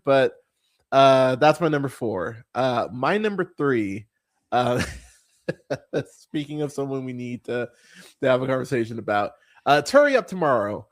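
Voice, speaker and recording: Guy hosting a movie podcast, ranting and cussing, laughs a lot, voice jumps up when he's fed up. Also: moderate pace. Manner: exasperated, profane, laughs often, animated pitch jumps. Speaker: podcast host. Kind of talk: casual ranting film review.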